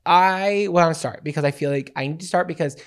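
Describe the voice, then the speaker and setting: A man in his twenties co-hosting a casual podcast, a theatrical, animated storyteller with cheeky, playful humor. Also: a little high, a little fast, clean tone. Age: 20s. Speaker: podcast co-host.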